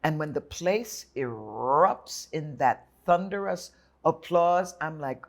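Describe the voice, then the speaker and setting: An older woman telling her story in an interview, lively and dramatic, acting out the voices of others. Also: sits low, takes it slowly, creaky. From Jamaica and United States. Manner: animated storyteller, acts out voices. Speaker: guest.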